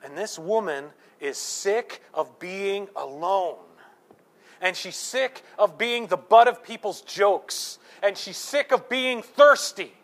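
A middle-aged male pastor preaching a sermon, animated, telling stories and asking the congregation rhetorical questions. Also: high voice, measured pace. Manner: animated storytelling with acted-out quotes and rhetorical questions.

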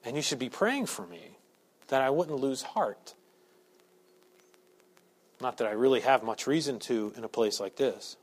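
A pastor preaching a sermon to his church, shifting from quiet asides to loud, emphatic points. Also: mid-range voice, lively intonation, a little slow, long pauses. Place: church sanctuary.

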